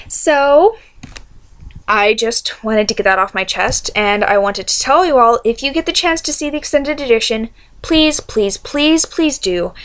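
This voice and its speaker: Rambling woman on a fan rant. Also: on the high side. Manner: rambling, excitable, self-interrupting. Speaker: vlogger. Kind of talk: casual fan rant to camera.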